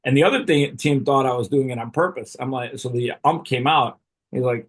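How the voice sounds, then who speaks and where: A middle-aged man with a husky voice spins a casual, profanity-laced yarn. He talks loosely and chuckles through the telling, like a podcast host swapping stories. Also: mid-range voice, fairly quick. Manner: profane, laughing storyteller. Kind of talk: casual storytelling.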